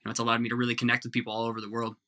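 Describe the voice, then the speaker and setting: A man in his thirties from Iowa chats as a podcast guest, joking and poking fun at himself. His voice is very bright and forward, at an everyday pitch. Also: monotone, rapid-fire. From Iowa, United States. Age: 30s. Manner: joking, self-deprecating. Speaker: guest illustrator and lettering artist. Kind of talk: casual podcast chat.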